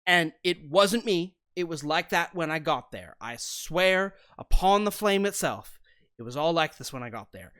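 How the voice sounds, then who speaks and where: A man's voice: on the high side, expressive, moderate pace, pushed and bright, smooth, dry recording, clean studio sound. A man doing a stammering, panicky village busybody. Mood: flustered. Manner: stammering, repeating words. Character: flustered, panting male village busybody. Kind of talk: tabletop role-play character voice.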